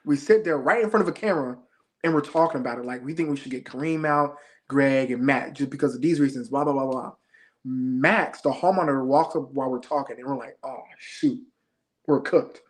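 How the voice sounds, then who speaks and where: A man's voice: medium pitch, a little fast. A young man, a reality show contestant, telling stories in a laid-back, slangy way during a casual interview.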